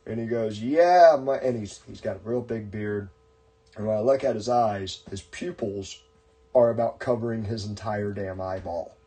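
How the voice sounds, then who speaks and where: A man's voice: lowish voice, steady tone, moderate pace, warm tone. A man hosting a podcast and telling a long story in casual chat, rambling with many fillers and restarts. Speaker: podcast host.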